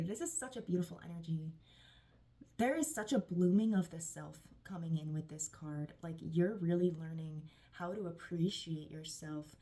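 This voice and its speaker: A woman's voice: on the low side, mellow. A woman giving a channeled tarot reading, affirming and gushing, with frequent sighs. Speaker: tarot reader.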